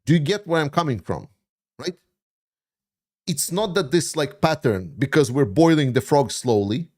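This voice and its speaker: A man's voice: on the high side, animated, moderate pace, darkish tone. A man hosting a livestream, answering viewer questions in a blunt, opinionated way with many fillers. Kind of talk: casual livestream chat.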